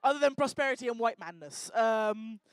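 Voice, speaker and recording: This event host, a woman, works the crowd stand-up style from a lecture hall stage, playfully teasing the audience. Her fairly high voice is expressive, brisk, clear and resonant, captured in a dry recording.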